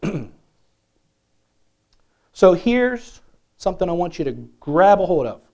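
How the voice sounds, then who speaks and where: Man, preacher, sermon, higher-pitched, animated, talks with the crowd. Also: unhurried, highs cut off. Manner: animated, conversational, asks the crowd questions.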